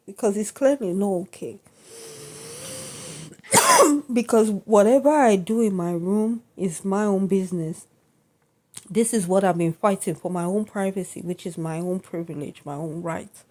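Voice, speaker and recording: A woman's voice: medium pitch, measured pace, pauses often, a little mellow. A woman venting indignantly to camera in a vlog, often asking her listeners whether they understand. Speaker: vlogger.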